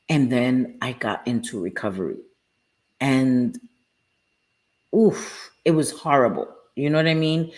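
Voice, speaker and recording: A woman's voice: rumbling low, darkish tone. A woman hosting a live stream, talking candidly and earnestly to her viewers about her recovery and answering them by name. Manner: earnest, heartfelt, reads out viewers' names. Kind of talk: candid casual talk to viewers.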